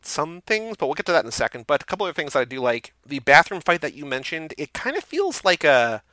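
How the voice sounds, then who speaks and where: Fast-talking bright-voiced man. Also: a little high, big pitch swings, no echo. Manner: fast, rambling, heavy use of "like". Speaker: podcast co-host. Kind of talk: casual movie review chat.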